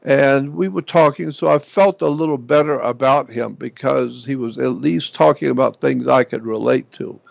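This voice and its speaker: An older man telling a personal story as an interview guest, slow and halting with frequent fillers. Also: mid-range voice, gravelly, no room sound. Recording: dull lo-fi dry recording.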